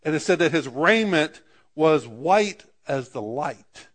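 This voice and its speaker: A man's voice: a little high, expressive, slow. A man preaching a sermon as pastor, often restarting words and building to emphatic declarations.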